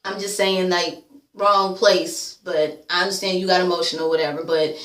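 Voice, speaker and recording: A woman's voice: lowish voice, steady tone, normal speed, a bit bright, roomy sound. A woman vlogger giving a casual recap, blunt and sassy, swearing freely and calling people "girl". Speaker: YouTube vlogger reviewing a reality show.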